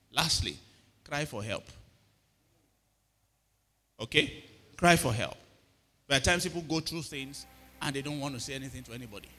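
In a big-sounding room, a middle-aged pastor delivers a sermon and keeps checking whether his congregation is hearing him. He speaks at a medium pitch with a bright, forceful tone.

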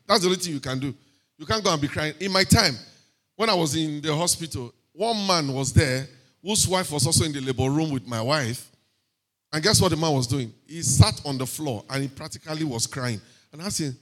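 A man with a Nigerian accent giving a sermon testimony in church, lively and sprinkled with hallelujahs and pidgin asides. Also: a little high, moderate pace. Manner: lively, punctuated by frequent hallelujahs and amens. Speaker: preacher sharing a testimony.

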